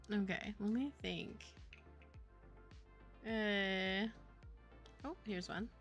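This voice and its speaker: A woman game developer chatting casually on a livestream, telling a rambling story full of "like" and laughter. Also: mid-range voice. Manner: rambling storytelling, heavy use of "like", frequent laughter. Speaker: game developer streaming her work.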